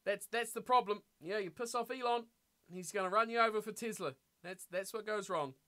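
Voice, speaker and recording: A young man commentating a rugby video game live and chatting with viewers, excitable and laughing often. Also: high-pitched, a little fast. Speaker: game streamer.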